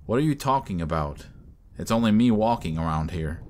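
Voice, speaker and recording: A curt, edgy young hunter alone in the woods, voiced by a man narrating a horror story. His voice sits low and deep, and he snaps his lines out tersely. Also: lively intonation, fairly quick, a little mellow.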